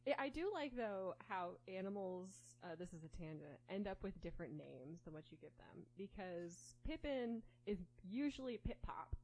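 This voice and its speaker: A woman's voice: mid-range voice, sing-song, normal speed, hardly any pauses, darkish tone, rough recording. Playful, giggly woman chatting casually. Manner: laughing, playful, full of "like" fillers. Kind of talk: casual chat.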